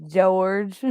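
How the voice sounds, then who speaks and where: A woman's voice: medium pitch, dark tone. A woman hosting a casual live chat, giggly and teasing. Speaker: live stream host.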